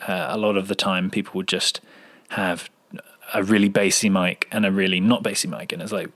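Lowish guy explaining audio drama editing, chatty, acts out little bits of dialogue. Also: little pitch movement, brisk, a bit bright. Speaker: sound designer. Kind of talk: interview answer.

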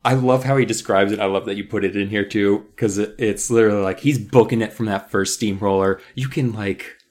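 A man co-hosting a podcast, chatting casually about a book and acting out its characters in sudden high-pitched voices. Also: brisk. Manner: animated, acts out characters in jumpy high voices. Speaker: podcast co-host.

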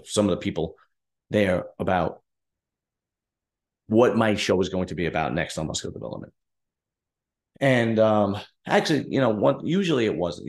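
A man's voice: on the low side, vocal fry. A man hosting his own podcast, telling a story in a direct, aggrieved way and acting out both sides of past conversations. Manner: direct, aggrieved, recounting dialogue. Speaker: podcast host. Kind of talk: casual storytelling monologue.

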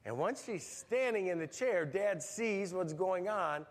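A man's voice: high voice, animated, unhurried. A middle-aged male pastor preaching a sermon in a church, folksy and humorous, telling stories with animation. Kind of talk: sermon with storytelling. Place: church sanctuary. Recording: church hall reverb.

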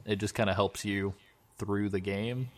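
A man's voice: on the low side, fairly even intonation, unhurried. A man co-hosting a podcast in casual chat, joking around and laughing often. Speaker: podcast co-host.

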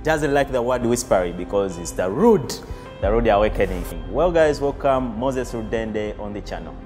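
A man's voice: mid-range voice, expressive, normal speed. A man hosting an interview in a coffee shop, friendly and laughing. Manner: friendly, laughing, soft-spoken asides. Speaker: host. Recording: roomy with music behind.

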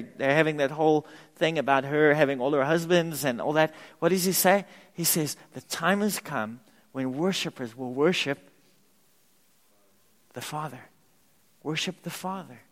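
Man preaching in an echoing church. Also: on the high side. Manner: animated, emphatic preaching with repetition. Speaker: pastor. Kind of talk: sermon. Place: church sanctuary. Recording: long reverb of a church hall.

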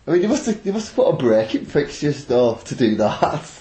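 A man's voice: medium pitch, sing-song, a little fast, mellow. A man, a podcast co-host who asks questions and makes jokes. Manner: inquisitive, jokey. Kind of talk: casual chat. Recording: roomy echo, faint hiss.

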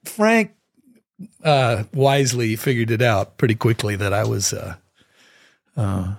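A man guesting on an interview, telling a story with lively energy and scatting out the rhythms he describes. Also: fairly low pitch, measured pace, creaky, dry recording, clean studio sound. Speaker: guest musician.

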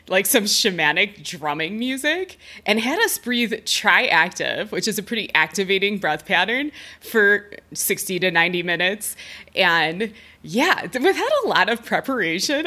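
A woman's voice: medium pitch, pushed and bright. A young adult woman hosting a podcast, telling a personal story in a chatty way, laughing often and filling her talk with "like". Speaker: podcast host and breathwork facilitator. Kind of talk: casual storytelling monologue.

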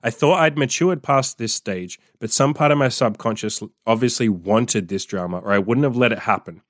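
Brief: young adult male podcast host, mid-pitched, animated and profane, recorded dry and close. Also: moderate pace, no echo. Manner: animated, swearing, reacting aloud to his own story. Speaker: podcast host reading his old diary. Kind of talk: casual storytelling monologue.

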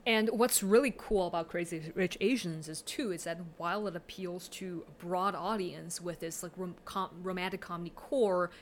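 A woman's voice: fairly low pitch, moderate pace, hardly any pauses, slight background noise. A woman talking casually and analytically about movies, with plenty of fillers. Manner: chatty, analytical, many fillers. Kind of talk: casual film discussion.

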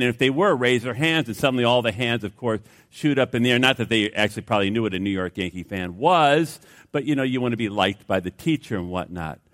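A middle-aged man preaching a sermon. He opens with a folksy joke and then prays in a hushed, earnest voice. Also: mid-range voice. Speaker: pastor.

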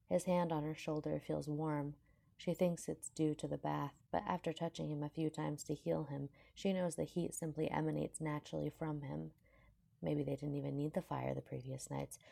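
A woman narrating a fanfiction aloud in a calm, measured storytelling manner. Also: sits low, vocal fry, breathy edge. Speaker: fanfiction reader.

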